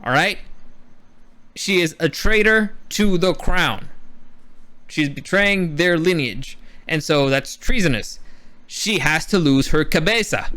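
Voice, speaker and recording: A man giving his casual opinions on a TV episode, animated and swearing, often acting out the characters' lines. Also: on the high side. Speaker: show reviewer.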